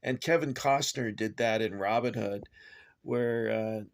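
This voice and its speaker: Gravelly-voiced American man, chatty. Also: on the low side, measured pace. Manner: digressive, chatty, frequent filler words. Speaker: toy collector reviewer. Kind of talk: casual rambling toy review.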